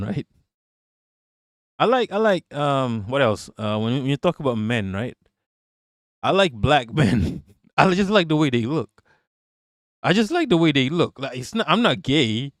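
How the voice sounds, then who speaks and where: A man's voice: medium pitch, no echo, studio quality. A man doing casual live-stream political talk and reading chat. He is blunt and profane, laughs often, and repeats himself.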